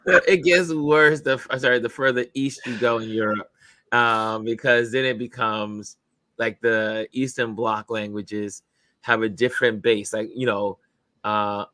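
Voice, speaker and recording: An upbeat, chatty man hosts a casual live stream and laughs easily between his words. His voice sits at an ordinary pitch, and the sound is dry and close, with no room echo. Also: steady tone, unhurried, sharp tone. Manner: upbeat, chatty, laughs often while greeting viewers. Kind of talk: casual chat.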